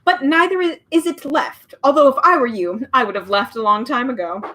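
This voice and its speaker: A woman voicing a meddling male bird who snatches words, in a shrill, cackling, interrupting way. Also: brisk, bright, forceful tone. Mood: gleeful.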